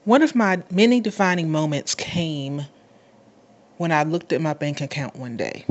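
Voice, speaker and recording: Lowish-voiced woman telling a personal story. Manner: emotional, dramatic retelling with vivid self-quotes. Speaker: podcast host, motivational speaker.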